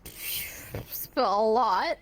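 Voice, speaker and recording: A woman guest chats easily on a casual interview stream and often laughs along. Her voice sits a little above the usual pitch for a woman. She talks freely and at length. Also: expressive, extremely slow, in a whisper. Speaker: talk show guest.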